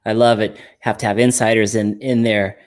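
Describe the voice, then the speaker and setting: A man's voice: on the low side, flat delivery, moderate pace. A man hosting a podcast, chatting casually and agreeably with his guest. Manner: agreeable, easygoing, laughs along. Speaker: podcast host. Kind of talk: casual chat.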